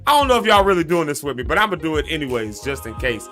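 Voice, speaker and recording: A man's voice: on the high side, big pitch swings, fast talker, sharp tone, soft background music. A man with a Southern US accent hosting a live morning stream, chatting loosely with viewers, laughing often and calling them y'all. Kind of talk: casual live-stream chat with breathing tips.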